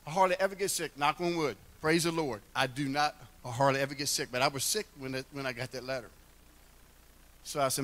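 A man's voice: mid-range voice, fairly even intonation, fairly quick, fairly bright tone. An older man giving a heartfelt church address, telling folksy stories with humor. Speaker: church member speaking at a retirement celebration.

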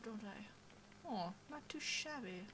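A woman's voice: on the high side, lively intonation, slow pace, fairly bright tone, a little hiss or hum. A young woman giving casual, chatty commentary over a video game playthrough, easily distracted and full of fillers, on a home computer microphone. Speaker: gameplay commentator.

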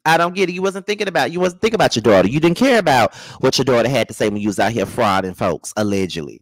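A man's voice: fairly high pitch, big pitch swings, a little fast, no echo. A man recapping a reality TV episode in a blunt, sassy, slang-heavy manner. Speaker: reality TV reviewer. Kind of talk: casual recap commentary.

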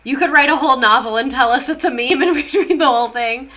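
A woman's voice: high voice, quick pace, bright, forceful tone. A young woman streaming a casual history lesson, chatty and sarcastic, reading chat aloud as she goes.

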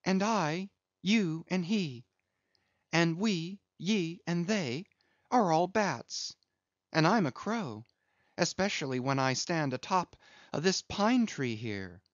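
A man's voice: a little high, lively intonation, slow pace, no echo, voice pushed up. A man reading aloud as a crazed young male cabin boy who rambles in singsong chants. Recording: dull lo-fi dry recording.

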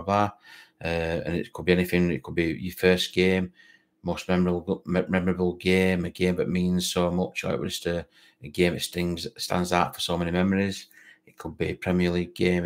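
A football fan live stream is hosted by a man whose voice is low and whose Barnsley Yorkshire accent is broad. He rambles in easy chat, reading comments from viewers while repeating words and filling gaps with fillers.

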